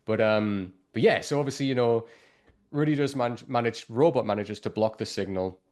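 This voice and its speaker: A man's voice: medium pitch, moderate pace, a little mellow. A man hosting a casual show review, rambling with lots of "like" and the odd swear word. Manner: rambling, heavy use of fillers and profanity. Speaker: podcast host.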